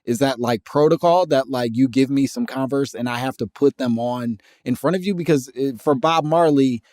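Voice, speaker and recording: A man from Indiana co-hosting a comedy podcast, laying out his research in a relaxed, wry way. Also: medium pitch, normal speed, no echo, studio quality. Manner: laid-back, wry, researched explanations. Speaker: podcast co-host. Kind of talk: casual comedic podcast chat.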